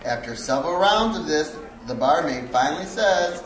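A man's voice: fairly high pitch, expressive, moderate pace, a bit bright, roomy sound, slight background noise, poor audio. A man narrating a joke in a playful storytelling way.

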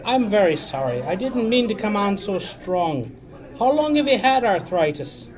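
A man voicing a pompous male priest who lectures in a booming, drawn-out sermon voice. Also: big pitch swings, a crowd in the background. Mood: apologetic.

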